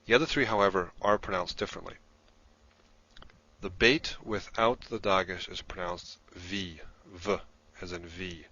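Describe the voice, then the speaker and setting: A man's voice: low-pitched, normal speed, pushed and bright, muffled recording. A man giving a recorded lesson, explaining patiently step by step while he writes things down. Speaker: instructor in a played lesson video.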